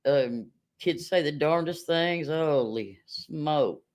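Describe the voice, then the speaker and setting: A woman's voice: sits low, takes it slowly, darkish tone. Laughing, chatty woman livestreamer. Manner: chatty storyteller, laughs often. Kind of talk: casual livestream chat with viewers.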